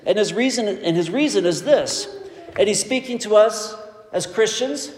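A man preaching a sermon, emphatic and measured, leaning hard on key phrases. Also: sits high, expressive, a little mellow. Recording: echoey hall with long reverb.

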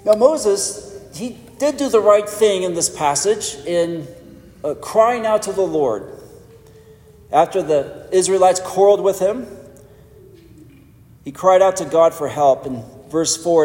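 A man preaching a sermon in a measured, emphatic way with pauses for weight. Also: high voice, expressive, mellow. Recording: echoey church hall.

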